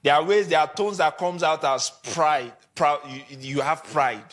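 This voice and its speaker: With a Nigerian accent and a voice a touch high, he addresses a room of photographers at a conference. His delivery runs slightly slow but stays animated, with short examples acted out along the way.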